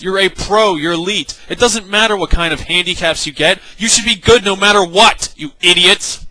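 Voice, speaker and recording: A man's voice: high voice, pushed and bright, no room sound, low-quality recording. A young man giving an angry, exasperated rant about an online game, swearing and mocking other players with sarcasm. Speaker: gaming vlogger.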